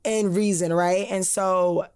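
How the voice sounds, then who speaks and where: A woman's voice: lowish voice, takes it slowly, clean tone. A young woman co-hosting a podcast, telling stories in a casual chat and acting out the voices of people she quotes. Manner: animated storytelling, acts out quoted voices, frequent laughs. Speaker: podcast co-host.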